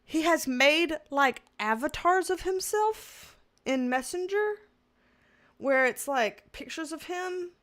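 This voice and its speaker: A high-voiced woman in her thirties chats casually on a livestream, reading viewer comments aloud. She laughs often and tells stories with exasperated humor. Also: lively intonation, slow, fairly bright tone. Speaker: tarot livestream host.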